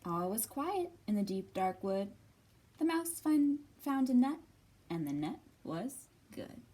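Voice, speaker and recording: A woman librarian reading a picture book aloud and hosting a children's storytime, slow, expressive and gentle. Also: medium pitch, distant mic.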